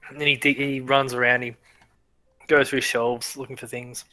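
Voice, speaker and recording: Male game master, bright tone, dry close sound, rambling narration. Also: medium pitch, level tone, normal speed, dry recording. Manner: rambling, self-correcting narration.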